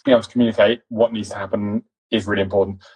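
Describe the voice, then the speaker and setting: Guest, English man with a posh accent, rapid mumbling delivery, casual swearing, a bit husky. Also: fairly low pitch, little pitch movement, darkish tone, rough recording. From East London, England. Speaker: cinematographer guest. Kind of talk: casual conversation.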